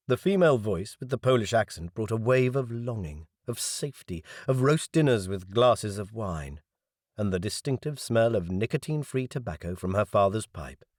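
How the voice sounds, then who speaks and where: A man reading a science fiction audiobook in first person, measured and wry. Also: on the low side, expressive, no room sound, studio quality. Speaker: audiobook narrator.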